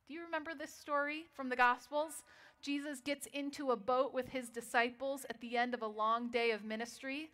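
A woman preaching a sermon, telling a story and dropping to a quiet voice for dramatic moments. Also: sits high, steady tone, moderate pace.

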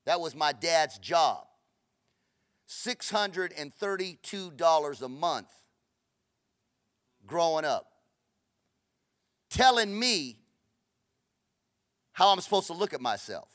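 A middle-aged male pastor preaching with fiery passion, his slightly raised voice racing through stories. He swings from loud bursts to hushed, confiding asides. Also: fairly high pitch, big pitch swings. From Los Angeles. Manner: fast, passionate, storytelling with shifts between loud and hushed. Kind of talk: sermon.

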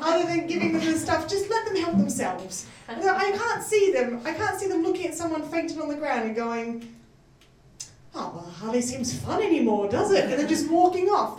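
Woman comic, high bright voice, self-mocking club set caught from a distance in a roomy venue. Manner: chatty, self-mocking, laughing at her own jokes. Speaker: stand-up comedian. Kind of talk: stand-up comedy set. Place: comedy club stage. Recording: roomy, distant live venue mic with faint ambience.

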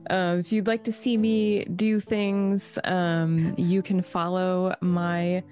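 A woman player introducing herself gently with many hesitations. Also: lowish voice, flat delivery, takes it slowly, faint music behind. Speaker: player and streamer. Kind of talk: casual chat.

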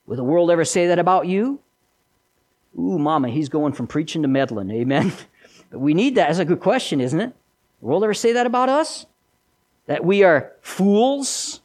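A man preaching a sermon with an emphatic delivery, repeating key lines and swinging between loud and soft. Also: sits high.

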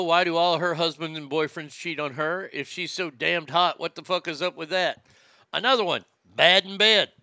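Bright, sharp-voiced man ranting crudely. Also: high voice, smooth, no room sound. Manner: loud, profane, mocking, laughs at own jokes. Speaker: comedy podcast host. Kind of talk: crude comedic rant.

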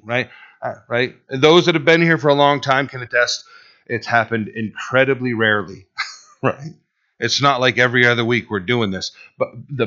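A male pastor preaching a sermon, swinging between loud and hushed delivery and acting out quotes. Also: on the low side, dull audio.

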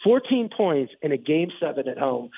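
A man hosting a sports talk show, recapping a game in a rambling, excited monologue full of restarts and asides. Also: fairly high pitch, normal speed, gravelly, husky, dry recording. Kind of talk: casual sports commentary monologue. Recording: tinny phone-like radio line.

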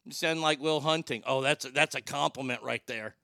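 A man's voice: mid-range voice, fairly quick, gravelly, sharp tone, no echo. A man hosting a comedy show, talking casually in a sarcastic, profane, rambling way. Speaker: host.

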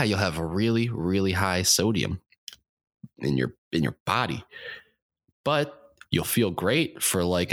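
A young man hosting a podcast, delivering a rambling comedic monologue with deadpan, self-deprecating humor. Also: low voice, dry recording, clean studio sound. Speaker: podcast host.

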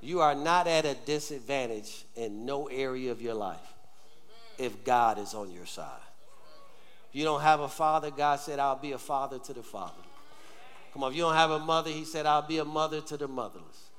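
In a church sanctuary with a long reverb tail, a male pastor preaches a sermon, urging the congregation to answer back and say amen in call-and-response style. His mid-range voice is fairly bright and moves at normal speed.

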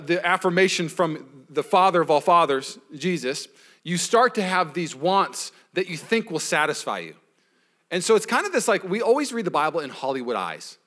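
A man's voice: on the high side, a bit bright. A man pastor giving a sermon in a casual, conversational way, retelling a story and acting out its people. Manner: casual, conversational preaching with acted quotes.

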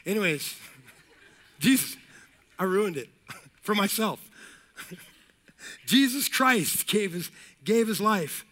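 A middle-aged man preaching a sermon as pastor, energetic and repetitive, with jokey asides and calls of amen. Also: sits high, slow pace, pauses often.

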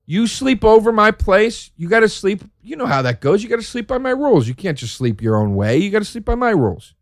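Ranting stand-up comic, big pitch swings. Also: male voice, very animated, a little fast, no room sound, clean studio sound. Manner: ranting, swings from loud high bursts to low mutters; profane, sarcastic. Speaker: stand-up comedian. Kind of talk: stand-up comedy routine.

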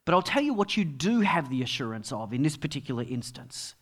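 A middle-aged man preaching a sermon as pastor, telling stories and dropping to quiet asides. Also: medium pitch, big pitch swings, fairly quick. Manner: storytelling, with dramatic drops to quiet asides.

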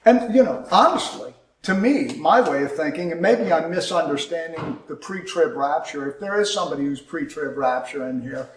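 A man preaching with an impassioned delivery, his voice rising high and then dropping low. He sits fairly high for a man and is picked up from a distance. The room around him is echoey. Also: animated, moderate pace, hardly any pauses, a little hiss or hum. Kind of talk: sermon.

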